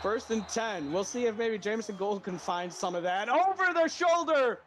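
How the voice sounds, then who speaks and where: High-voiced, laughing play-by-play man. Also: normal speed, over music. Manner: jokey, laughs often, excited shouts on big plays. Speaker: play-by-play commentator. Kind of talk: casual stream game commentary.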